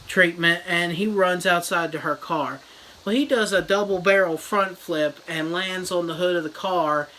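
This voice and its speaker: A man's voice: sits high, sharp tone, slight background noise, poor audio. Man rambling through a crude joke review. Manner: rambling, crude jokey storytelling. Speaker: vlogger reviewing a movie. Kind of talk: comedic made-up movie review.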